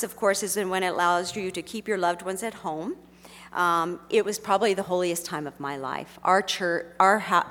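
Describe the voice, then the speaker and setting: A middle-aged woman telling a heartfelt personal story to an audience, speaking gently and earnestly with frequent fillers. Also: lowish voice, in a large hall.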